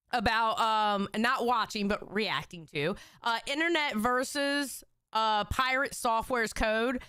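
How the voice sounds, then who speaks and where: A woman's voice: fairly high pitch, fairly bright tone, clean tone, dry recording, clean studio sound. Tearful, chatty woman livestream host. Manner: emotional, tearful and joking; swears casually, chatty with viewers. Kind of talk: casual livestream chat.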